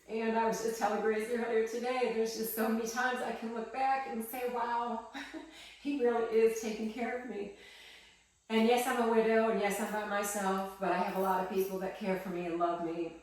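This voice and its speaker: A woman giving an emotional personal testimony, talking in a soft, halting way with many pauses and restarts in her small wooden chapel. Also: mid-range voice. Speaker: interviewee. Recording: echoey room from some distance.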